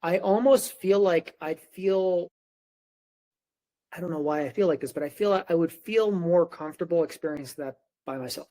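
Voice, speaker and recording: A man's voice: fairly high pitch, moderate pace. A man talking casually as a podcast guest, telling a personal story and acting out what other people said. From Korea. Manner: animated storyteller who acts out quoted dialogue. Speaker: podcast guest, nutrition coach. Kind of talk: casual conversation.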